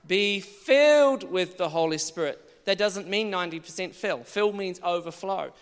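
A man preaching a sermon, telling his own testimony in an animated way, moving from hushed passages to loud ones. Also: high voice, moderate pace, clean tone. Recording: long church reverb.

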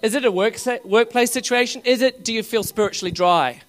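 A man preaching at a revival meeting, laughing often as he coaxes the crowd and rises to loud bursts. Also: extremely high pitch, brisk, faint music behind.

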